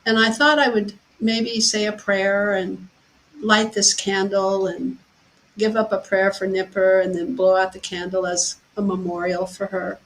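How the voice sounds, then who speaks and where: A woman hosting a talk show, telling a personal story in a heartfelt way and getting animated when she quotes people. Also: mid-range voice, a little slow, low-quality recording. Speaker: podcast host.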